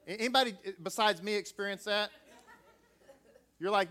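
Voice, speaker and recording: A man's voice: sits high, a little fast, sharp tone. A man reading scripture aloud and then preaching in a conversational way, joking with the congregation. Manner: conversational, jokey asides with audience.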